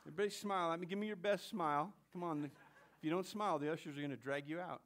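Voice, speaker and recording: A man preaching a sermon to his church, playful with the congregation, swinging between loud exclamations and hushed whispers. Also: a little high, quick pace. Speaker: pastor.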